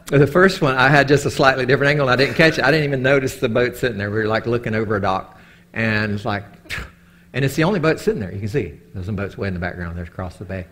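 A man giving a casual Bible teaching talk, telling animated stories and often checking in with his listeners. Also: mid-range voice, fast talker. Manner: animated storytelling, keeps asking "okay?".

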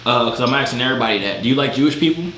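Man, video chat, joking and slangy, lively up-and-down pitch, bright voice, echoey room with faint noise. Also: very fast. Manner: loud, animated, joking, slangy. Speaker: vlogger chatting with strangers online. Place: gaming room with sound panels.

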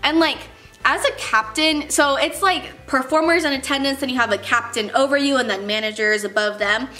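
This young vlogger's voice is high and sharp in tone, moving at a moderate pace as she tells work stories to her camera. She's chatty and casual, leaning on "like" and performing quoted voices, with faint music in the background.

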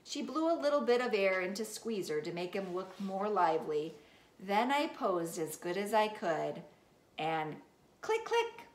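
A woman reading a children's book aloud in the first person of a young girl, animated and playful. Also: measured pace. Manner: animated, playful, with big jumps in pitch on exclamations. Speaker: storybook reader. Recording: roomy echo.

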